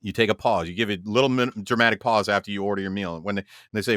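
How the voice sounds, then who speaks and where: A man co-hosting a podcast in casual banter. He is animated, stumbles through restarts, and sometimes slows into a dramatic delivery. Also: lowish voice, no room sound, studio quality. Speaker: podcast co-host.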